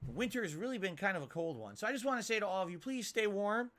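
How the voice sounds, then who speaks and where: Quick and high-pitched, a man streams from his home office on a desk mic, reading tips from viewers. He gets animated and exasperated, ranting as he goes.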